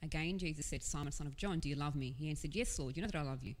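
A woman's voice: low-pitched, rapid-fire. A woman preaching a sermon in an earnest, conversational way, with casual asides. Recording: long hall reverb.

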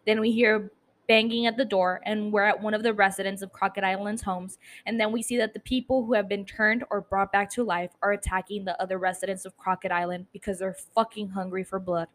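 A woman's voice: mid-range voice, little pitch movement, fairly quick. A woman hosting a podcast, recapping a TV episode in casual, chatty talk with casual swearing and self-mocking laughs. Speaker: podcast host.

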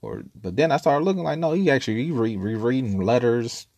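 A man's voice: medium pitch, expressive, fairly quick, a little mellow, no room sound, clean studio sound. A man casually telling a story, laid-back and profane, rambling with frequent laughs.

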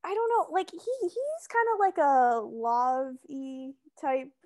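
Young woman, high voice, casual chat, chatty, lots of fillers, insistent. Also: sing-song, takes it slowly, darkish tone.

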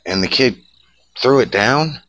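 A man hosting a campfire chat, telling a folksy story slowly with dramatic pauses. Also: medium pitch, animated, fairly bright tone, dull audio. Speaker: host.

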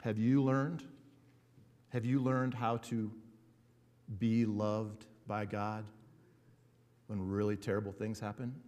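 A man preaching a sermon as a pastor, earnest and building emphasis with slow repeated words. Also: fairly low pitch, flat delivery, a little mellow. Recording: hall reverb.

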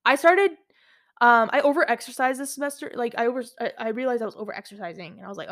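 A woman's voice: a little high, brisk. A woman of twenty-one hosting her own podcast, talking candidly and chattily about her own experiences, with plenty of fillers. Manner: candid, chatty, animated storytelling with many fillers. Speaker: podcast host. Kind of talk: solo podcast monologue.

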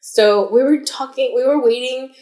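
A woman's voice: high-pitched, normal speed, mellow. A young adult woman co-hosting a podcast, telling stories in casual chat with lots of fillers and restarts. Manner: chatty storytelling with fillers and restarts. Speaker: podcast co-host. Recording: echoey room.

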